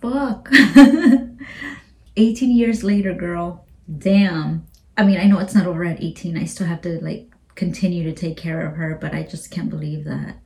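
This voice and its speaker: Emotional mom in her 30s talking on her podcast, mellow voice, keeps trailing off into whispers, swears a lot. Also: lowish voice, fairly even intonation. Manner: halting, repeats herself, swears, often drops to a whisper. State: emotional, near tears. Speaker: podcast host. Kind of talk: emotional personal podcast monologue.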